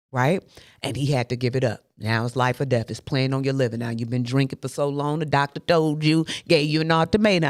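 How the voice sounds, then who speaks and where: A woman hosting a motivational faith talk, animated and preachy, speaking straight to her listeners. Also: low voice, no room sound, studio quality. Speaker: host.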